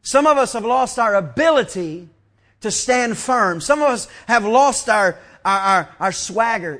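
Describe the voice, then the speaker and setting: A man preaching a sermon as pastor, lively and full of stammered restarts. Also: high voice, moderate pace. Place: church sanctuary.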